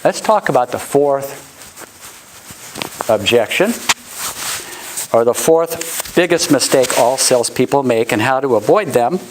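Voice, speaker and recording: Middle-aged man, sales trainer, lively up-and-down delivery, indoor talk. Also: unhurried, pauses often, background noise. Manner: animated, acts out customer quotes in high voices. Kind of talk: motivational sales talk to a live audience. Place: warm indoor room.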